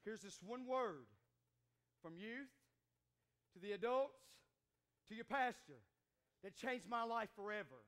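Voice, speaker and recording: High-voiced preaching man, animated. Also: takes it slowly, long pauses. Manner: animated, shouting and joking with the congregation. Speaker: pastor. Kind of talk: sermon. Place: church sanctuary.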